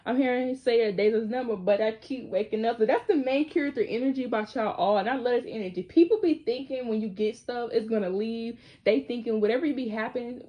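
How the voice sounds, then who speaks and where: A woman's voice: a little high, quick pace, few pauses, dull audio. A woman in her twenties from Michigan giving a casual, chatty tarot reading with loose slangy talk. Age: 20s. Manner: chatty and loose, slangy, sings snatches of lyrics. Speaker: tarot reader.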